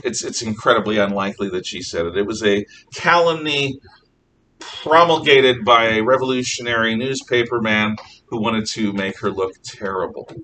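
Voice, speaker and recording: A man teaching a history class, telling the story in an animated, storytelling way and often clearing his throat. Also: fairly high pitch. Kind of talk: classroom lecture. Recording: distant mic with faint noise.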